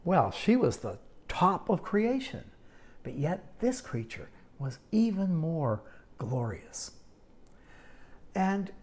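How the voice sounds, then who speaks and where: A woman teaching a Bible lesson in sermon style, storytelling with dramatic pauses and wry asides. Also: lowish voice, very animated, darkish tone.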